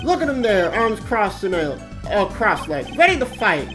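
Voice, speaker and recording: A woman voicing a pushy middle-aged male noodle vendor with a loud, brash, folksy manner. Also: medium pitch, very animated, normal speed, lightly acted. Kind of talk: reading game dialogue aloud on a stream. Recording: music playing behind the voice.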